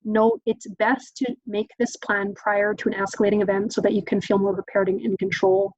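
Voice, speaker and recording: A woman's voice: medium pitch, flat delivery, fairly quick, darkish tone, no echo. A young woman presents a caregiver training in a loose, conversational way, filling her talk with "um" and "like." Her voice sits in a middling register and is recorded dull and lo-fi. The sound is dry, with no room around it. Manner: chatty, many "um"s and "like"s. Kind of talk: casual online training talk.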